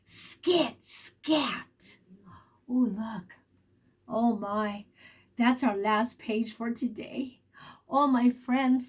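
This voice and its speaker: A woman teacher reading a picture book aloud to young children, asking them questions as she goes. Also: sits high. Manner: warm, animated storytelling with questions to children.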